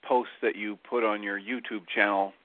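A man calling in to a radio show and giving a relaxed report on a group meeting, with many fillers. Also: fairly low pitch, normal speed, no echo. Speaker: regular caller, group leader. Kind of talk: casual call-in report. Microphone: phone. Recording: dry phone-line audio.

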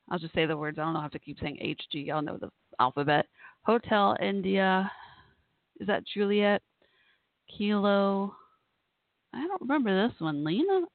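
A woman's voice: mid-range voice, animated, normal speed, long pauses, no echo. A woman hosting a live podcast alone, chatting casually and rambling, laughing often. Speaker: podcast host. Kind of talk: casual solo talk. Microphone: phone call-in line. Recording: tinny phone line.

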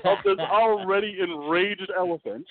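A man guesting on a podcast, telling a travel story in a lively, dramatic way and swearing freely. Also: sits high, normal speed. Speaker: podcast guest, wildlife video producer. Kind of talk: casual storytelling. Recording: dry, tinny phone-like line.

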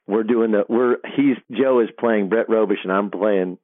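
A middle-aged man, a sports broadcaster, telling animated locker-room stories as an interview guest, often restarting his sentences. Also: lowish voice, normal speed, no room sound. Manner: animated storyteller, frequent restarts. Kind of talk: storytelling interview. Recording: dry tinny phone line.

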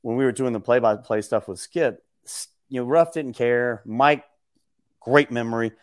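A man's voice: mid-range voice, normal speed, no echo, studio quality. A man guest telling stories casually, acting out quotes in a raised voice and laughing often. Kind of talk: casual podcast storytelling.

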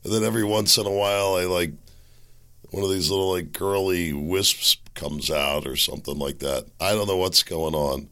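Male podcast host, hoarse, wry and self-deprecating, lower voice, rambling solo monologue. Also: steady tone, normal speed, fairly bright tone.

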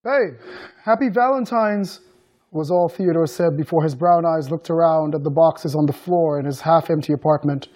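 A male author reading aloud from his novel with measured storytelling. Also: on the high side, level tone, warm tone. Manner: measured storytelling with acted dialogue.

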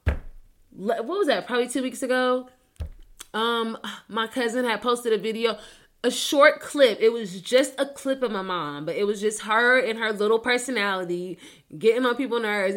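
Candid, bright-voiced woman podcast host. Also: mid-range voice. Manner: candid, emotional and profane. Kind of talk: casual chat.

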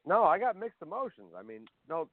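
A man's voice: sits high, big pitch swings, a little fast, dry recording. A man co-hosting a talk show, chatting casually and bluntly with lots of swearing. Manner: blunt and profane. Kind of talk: casual chat. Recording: tinny phone line.

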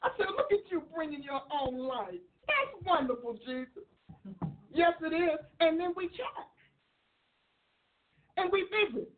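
A woman preaches with excitable energy, often laughing and acting out the voices in her stories. Her voice sits high. The sound is thin and phone-like. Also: a little slow, long pauses. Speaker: preacher and author. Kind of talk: sermon. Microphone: livestream.

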